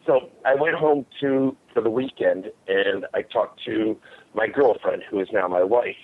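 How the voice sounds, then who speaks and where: A man's voice: fairly low pitch, unhurried. A man in his forties, a guest telling old fight stories in a blunt, rambling way, swearing freely. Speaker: podcast guest, former fighter. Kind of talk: storytelling in a casual interview. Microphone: phone line. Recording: tinny phone line, faint hiss.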